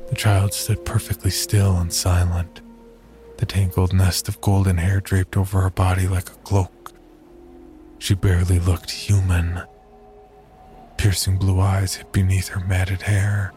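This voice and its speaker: A man reads a horror story in a very low voice that barely moves in pitch. His delivery is slow, measured and somber, with faint music playing underneath. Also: completely flat delivery, dark tone. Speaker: narrator. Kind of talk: scripted horror story narration.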